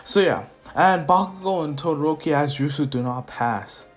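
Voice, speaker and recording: Brief: young guy YouTuber, offhand rambling retelling, soft music faintly under him. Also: on the high side, animated, normal speed. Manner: rambling, filler-heavy, offhand. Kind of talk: casual story retelling.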